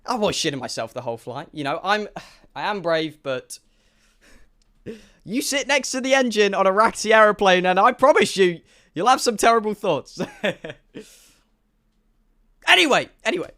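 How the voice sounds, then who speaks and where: A young man tells a story to his stream chat, excitable and full of swearing. His voice sits high and swings widely, and it sounds bright and forceful as he acts out each exchange. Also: moderate pace, long pauses.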